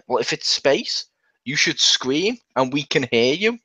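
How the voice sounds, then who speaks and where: A man chatting casually in a film review, joking, swearing freely and acting out scenes in quick little voices. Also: a little high, sing-song, sharp tone, slightly rough, no room sound. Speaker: movie reviewer. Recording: dull lo-fi dry sound.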